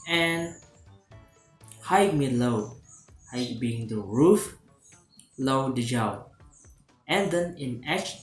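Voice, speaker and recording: A man giving a student's lesson presentation, reading steadily from a script with some halting restarts. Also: mid-range voice. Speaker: student presenting a class assignment. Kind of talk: read-aloud lesson presentation. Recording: roomy echo with faint music behind.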